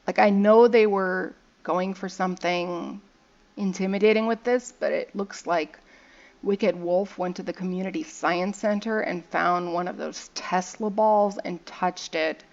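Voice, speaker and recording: Gravelly-voiced woman chatting over card packs. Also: lowish voice, steady tone, measured pace, darkish tone, lo-fi sound. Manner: chatty and playful, reads card text aloud and jokes about the art. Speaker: gaming video host. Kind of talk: casual commentary while opening card packs.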